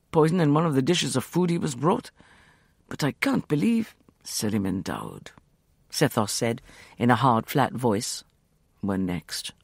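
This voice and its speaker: A man narrating an audiobook novel in a measured storytelling manner, close to the microphone. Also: mid-range voice, gravelly, slightly rough, no room sound.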